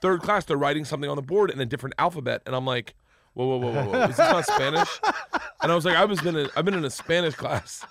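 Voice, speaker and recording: A man's voice: fairly high pitch, rapid-fire. A man from Florida telling a long story in casual chat, swearing freely and laughing through his words with frequent restarts. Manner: profane, laughing, animated with many restarts.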